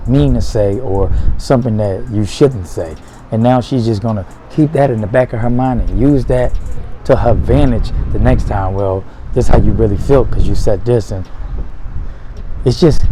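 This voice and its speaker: A man's voice: medium pitch, mellow, slight background noise, poor audio. A man giving blunt, profane dating advice in a casual monologue, full of streetwise slang.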